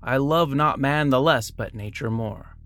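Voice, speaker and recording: A man's voice: medium pitch, measured pace, gravelly, fairly bright tone, no echo. A man reading short biographies and quotes aloud, breaking off now and then for casual asides and small self-corrections.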